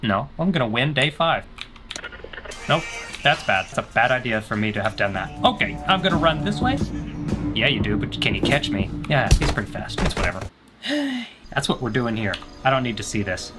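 A young man talks through a game for his viewers, joking and teasing the enemies. His pitch swings widely, jumping up in panicked yelps. Loud game music plays behind him. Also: big pitch swings, normal speed. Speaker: gaming streamer. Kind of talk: let's-play commentary.

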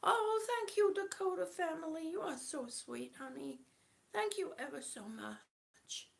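A woman's voice: very high voice, lively intonation, unhurried, vocal fry. A woman from Kansas on oxygen, chatting casually to her live-stream viewers, short of breath and greeting them by name. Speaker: vlogger reading live chat.

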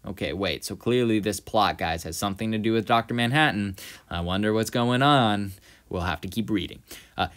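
Guy with a lowish voice going through a book chapter, lots of um and uh, talks to you like guys. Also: moderate pace, fairly bright tone. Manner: thinks aloud with many fillers, addresses viewers as guys. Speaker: literature analyst. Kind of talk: close-reading lesson.

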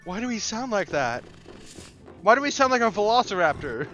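A man's voice: high-pitched, very animated, fairly quick, fairly bright tone, faint music behind. A man commentating a game on a live stream, laughing a lot and yelping in disbelief. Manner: laughs often, yelps and exclaims in disbelief. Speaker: gaming streamer.

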